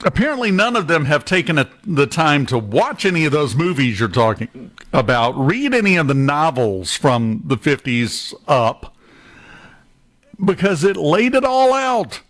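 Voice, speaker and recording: Hiccuping man doing radio banter, joking and animated, voice a touch high with a lively swing. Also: unhurried. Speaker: regular radio guest. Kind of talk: casual radio chat.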